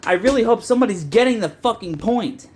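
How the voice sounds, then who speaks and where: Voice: mid-range voice, animated, fairly quick, darkish tone, a little hiss or hum. Profane, frustrated young video essayist ranting. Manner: profane, frustrated, rambling with restarts. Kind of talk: ranting commentary.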